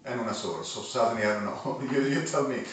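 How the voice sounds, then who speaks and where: A man's voice: fast, recorded from a distance, slight background noise. Agitated man, echoey room. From Argentina. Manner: agitated, veering from low muttering to shouting. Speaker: vlogger. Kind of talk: rambling monologue to camera. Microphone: phone camera. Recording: echoey room, voice away from mic.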